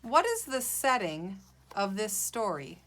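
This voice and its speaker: A woman teacher giving a guided reading lesson to young children, slow, clear and encouraging. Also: mid-range voice, very animated, a bit bright.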